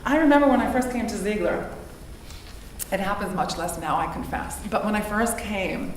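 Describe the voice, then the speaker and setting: A woman from Israel leading a lively, question-filled text study lecture as a rabbinic teacher, talking in quick bursts. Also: mid-range voice, a little hiss or hum. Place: large synagogue hall. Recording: echoey hall, mic far off.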